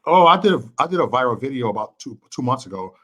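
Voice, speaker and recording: A man's voice: medium pitch, sing-song, quick pace, fairly bright tone. A man from Chicago hosting a live talk show, passionate and cursing, stumbling over repeated words when he gets worked up. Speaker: livestream show host. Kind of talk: casual heated call-in talk.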